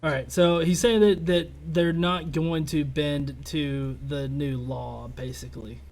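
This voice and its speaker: A man's voice: on the high side, steady tone, measured pace, a little mellow. A man hosting a casual political podcast, talking loosely with lots of filler words. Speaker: podcast host.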